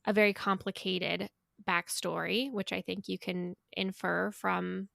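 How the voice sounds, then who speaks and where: A woman's voice: medium pitch, little pitch movement, a little slow, gravelly, pushed and bright, no room sound, clean studio sound. A woman, a podcast guest and co-creator, chatting enthusiastically with loose, rambling fillers. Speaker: co-creator of an audio drama, guest. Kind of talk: casual podcast chat.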